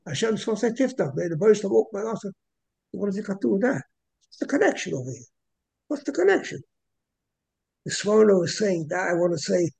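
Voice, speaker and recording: Creaky, husky man giving a Torah class. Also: sits high, a little mellow, rough recording. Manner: repeats words, frequent throat clearing. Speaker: Torah teacher.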